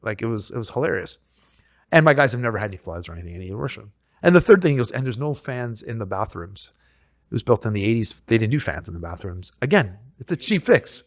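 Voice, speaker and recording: A realtor with a fairly low voice chats casually on a podcast, talking fast on a dry, studio-quality recording. He tells an animated story, acting out what the other people said.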